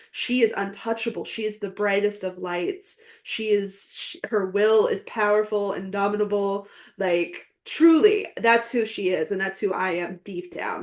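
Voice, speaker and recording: Woman guest, earnest and heartfelt, middle pitch, chatty fillers. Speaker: podcast guest. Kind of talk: emotional casual interview chat.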